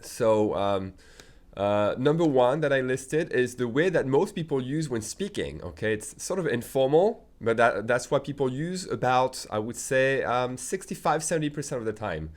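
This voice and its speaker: A man's voice: medium pitch, big pitch swings, moderate pace. Patient man teaching a language lesson. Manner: patient, methodical, often checking in with "okay?". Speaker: French teacher.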